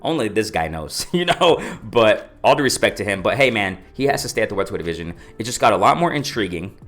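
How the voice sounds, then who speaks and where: A man's voice: fairly low pitch, sing-song, fast, a bit bright, soft background music. A man talking casually about boxing on his own channel, rambling and repeating himself, with slang fillers. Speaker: boxing commentary vlogger. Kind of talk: casual opinion vlog.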